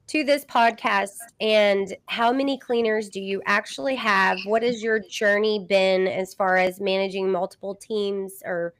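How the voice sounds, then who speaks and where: A woman's voice: mid-range voice, no echo. A woman with a Southern accent hosting a live business podcast, chatty with many fillers. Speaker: host.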